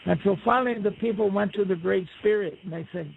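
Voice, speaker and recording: A man with a high, gravelly voice tells folk tales in an unhurried, plain-spoken way. His voice comes through a thin, phone-like line with a faint hiss behind it. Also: fairly even intonation. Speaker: guest storyteller.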